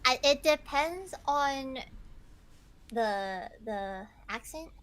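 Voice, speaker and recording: A young woman hosting a casual podcast, telling stories in an animated, giggly way with lots of "like". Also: high voice, drawn-out words, clear, resonant tone. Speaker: podcast host.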